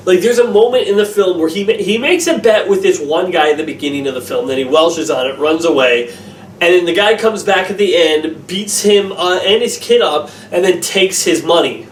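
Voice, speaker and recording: A man rambles through a casual film review, his pitch leaping up and down. He sounds a bit off the mic in a roomy, echoing space. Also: recorded from a distance, slight background noise. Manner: animated and rambling, with many fillers.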